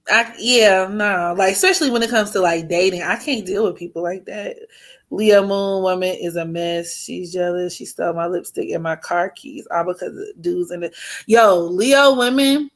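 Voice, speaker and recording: A young woman hosting an astrology channel, telling stories in blunt, profane, animated casual chat. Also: medium pitch.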